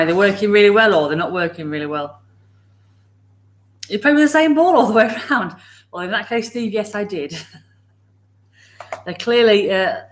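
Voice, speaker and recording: A woman's voice: fairly low pitch, a bit bright, slight background noise. A woman chatting casually at home on a morning livestream, greeting viewers by name, laughing often and talking to her dogs. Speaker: livestream host.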